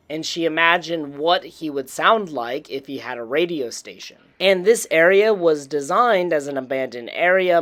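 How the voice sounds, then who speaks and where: A host narrates a walkthrough of a game location in a relaxed, informative way. The voice sits at a middle pitch and keeps up a friendly commentary. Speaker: YouTube series host. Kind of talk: gameplay narration voice-over.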